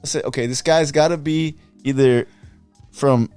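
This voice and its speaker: A man's voice: medium pitch, fairly even intonation, moderate pace, a little mellow, clean tone, soft background music. A man hosting a podcast, chatting casually with his guest in a laid-back, encouraging way. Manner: laid-back, affirming, talks in short bits. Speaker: podcast host. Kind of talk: casual interview.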